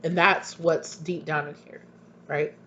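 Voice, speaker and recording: His voice slightly high and fairly bright, a man reads tarot for viewers at a measured pace with little pitch movement. He is earnest and emphatic, returning to the same points and asking pointed questions. The audio is dull and lo-fi, carrying a faint hum.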